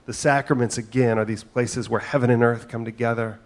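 A man's voice: medium pitch, fairly even intonation, a little fast. A middle-aged man preaching a sermon as pastor, talking in a conversational, storytelling way with asides and frequent "right?".

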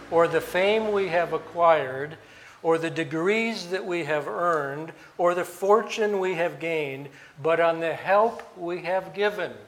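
Slow, deliberate preacher man. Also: on the high side, fairly bright tone. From United States. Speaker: pastor. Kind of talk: sermon.

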